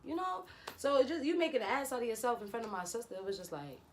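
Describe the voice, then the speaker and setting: Young female vlogger, casual animated storyteller; light background noise. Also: on the high side, quick pace. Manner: chatty, animated retelling with acted-out quotes. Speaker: beauty vlogger. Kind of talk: storytime vlog.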